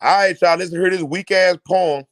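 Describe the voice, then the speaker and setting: Reaction host, male, high and dry, brash and profane. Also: steady tone, normal speed, no room sound. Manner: loud, mocking, swearing, mimics others. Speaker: commentary host.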